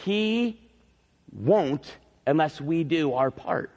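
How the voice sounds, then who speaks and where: A male pastor preaching a sermon in a church, emphatic, repeating key phrases and swinging between loud peaks and quiet drops. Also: on the high side, animated, slow, big-room sound, dull audio.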